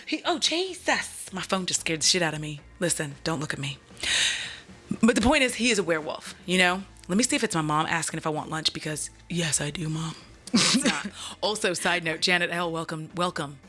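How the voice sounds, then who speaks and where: A woman's voice: lowish voice, pushed and bright. A woman hosting her channel, retelling a movie in a chatty, comic way with asides straight to her viewers. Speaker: channel host. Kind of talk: comedic movie recap. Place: at home.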